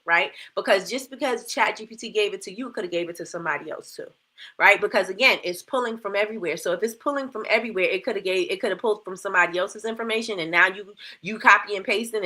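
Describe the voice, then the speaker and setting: Her voice sits at medium pitch, bright and forceful, as she hosts a relaxed livestream. Dry-mouthed from a new retainer, she chats her viewers through some coaching, full of rhetorical questions and phrases she says again and again.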